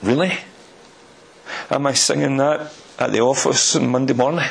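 A man's voice: medium pitch, fairly even intonation, normal speed, gravelly, slightly rough, poor audio. A man from Scotland with a Scottish accent, preaching a sermon with rhetorical questions and folksy asides.

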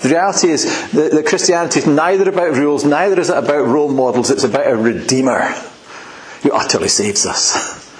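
A man's voice: on the high side, fast talker, hardly any pauses, echoey room, poor audio. A man preaching a sermon in a church, telling stories in a conversational, rambling way with restarts. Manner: conversational, anecdotal, with frequent restarts and fillers.

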